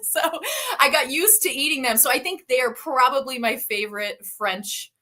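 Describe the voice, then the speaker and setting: A woman's voice: high voice, lively intonation, moderate pace, sharp tone. A woman author talking about her novel in a casual interview, enthusiastic and laughing often, heard over a video call. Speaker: guest author.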